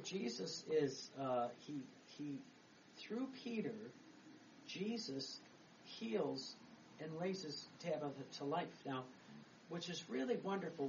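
A middle-aged man, a Catholic priest, giving a chatty homily that rambles, with laughs and restarts. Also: a little high. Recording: distant mic, dull sound, faint background noise.

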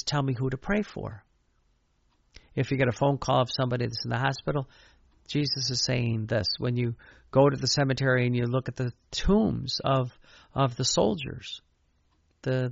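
An older priest gives a sermon with a gravelly, rough-edged voice. He tells stories casually and then falls into chanted, repeated prayer lines. The recording is dull and lo-fi, with a dry, close sound. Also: mid-range voice, dry recording. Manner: anecdotal, conversational preaching.

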